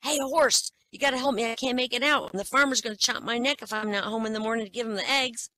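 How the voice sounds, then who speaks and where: A man's voice: extremely high pitch, fairly even intonation, quick pace, sharp tone, slight background noise, pitched above the performer's own voice. A man voicing a panicked, drunk male chicken who is begging for help in a spoken joke. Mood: pleading.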